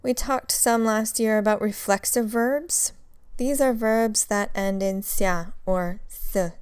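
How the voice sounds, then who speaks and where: A woman's voice: medium pitch, fairly even intonation, slow pace, clean tone, no room sound, studio quality. A woman teaching a recorded grammar lecture, explaining step by step and drilling examples. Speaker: Russian language teacher.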